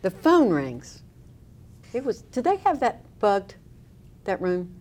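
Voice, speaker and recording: A middle-aged woman, telling an animated story with wry humor in an interview. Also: mid-range voice, slow pace.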